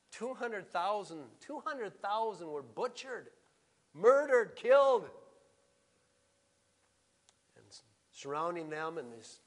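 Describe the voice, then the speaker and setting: A pastor preaching a sermon, emphatic, swinging between loud proclaiming and a hushed near-whisper. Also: male voice, fairly high pitch.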